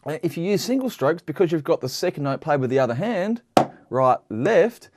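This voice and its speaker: A man's voice: a little high, animated, fast talker, background noise. Patient man teaching drum technique. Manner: patient, explanatory, often checks in with "okay?"; counts out sticking patterns while demonstrating. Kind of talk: instructional lesson.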